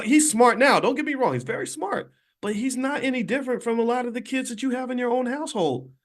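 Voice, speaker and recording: A middle-aged man giving an emphatic, preaching-style lesson over a phone livestream from a hotel room, full of rhetorical questions. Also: high-pitched. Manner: emphatic, rhetorical questions, swings between loud and quiet. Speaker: speaker giving an economics lesson to a live online audience. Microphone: phone on a video stream.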